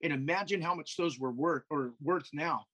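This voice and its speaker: Guy with a husky kinda high voice, swearing a lot, acting out quotes while he tells a story. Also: moderate pace, a bit bright. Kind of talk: casual podcast chat.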